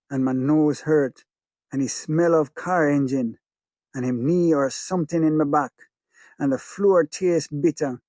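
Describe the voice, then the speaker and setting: A man with a Jamaican accent reads a first-person story in patois, in a rhythmic, hushed way. His voice is slightly high for a man, and the close studio mic leaves it dry. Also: no room sound. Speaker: audiobook narrator. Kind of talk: first-person audiobook narration of a child's memory.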